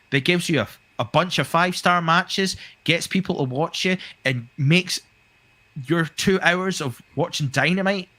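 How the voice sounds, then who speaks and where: A man's voice: fairly high pitch, fairly bright tone, no room sound. A man co-hosting a wrestling podcast, talking with a heated, profane, ranting delivery. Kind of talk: casual podcast chat.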